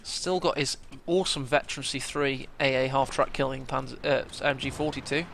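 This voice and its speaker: A man casting a strategy game match, chatty play-by-play that bursts into excitement at big moments. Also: mid-range voice, normal speed, vocal fry, slight background noise. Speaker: game caster.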